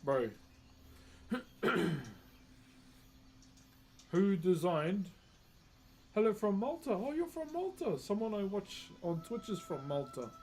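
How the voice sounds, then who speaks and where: Laid-back New Zealand man, slightly high voice. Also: big pitch swings, slow, long pauses, darkish tone, slight background noise. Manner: laid-back, reads chat aloud, says "bro" constantly, laughs often. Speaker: livestreaming wood carver. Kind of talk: casual live-stream chat while working.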